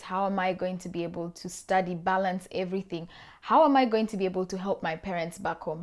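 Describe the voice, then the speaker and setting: A young woman in her twenties, raised in Kenya, speaks in a voice pitched at an ordinary level for a woman, and her accent mixes Kenyan and Australian sounds. She talks straight to her viewers in a chatty, encouraging way. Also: darkish tone. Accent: Kenyan-Australian blend. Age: 20s. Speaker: vlogger. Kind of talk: casual advice vlog.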